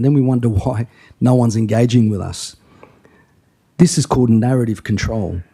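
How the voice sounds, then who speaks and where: Impassioned councilman, husky voice. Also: on the low side, mellow. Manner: impassioned, rhetorical, repetitive argument. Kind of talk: council meeting speech. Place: council chamber.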